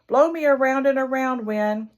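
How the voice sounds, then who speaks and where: A woman's voice: moderate pace, dull audio, natural voice. A woman doing a squealing old windmill. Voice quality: high squealing cries.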